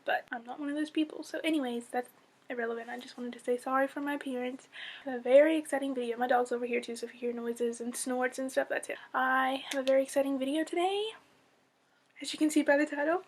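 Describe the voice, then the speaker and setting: Excitable high-voiced young woman, teary. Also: a little hiss or hum, poor audio. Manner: chatty, self-deprecating and excitable. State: teary, close to crying. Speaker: vlogger. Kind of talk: casual unboxing vlog.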